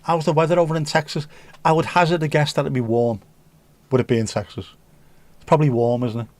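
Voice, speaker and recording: A man's voice: fairly high pitch, steady tone, fast talker. Chatty Scouse man hosting a livestream. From Liverpool, England. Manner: chatty, jokey, reads out chat comments. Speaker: livestream host. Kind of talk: casual live chat with viewers.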